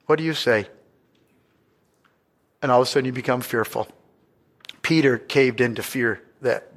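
A man preaching a sermon as pastor. He asks the congregation questions and swings between loud stretches and hushed ones. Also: medium pitch.

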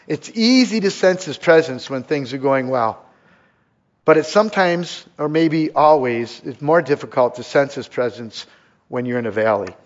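A male pastor delivers a sermon to his congregation in a mid-pitched, earnest voice. He repeats words for emphasis and fills pauses with soft "uh"s. The recording sounds a little dull and lo-fi. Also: lively intonation. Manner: earnest, with frequent fillers and repetitions.

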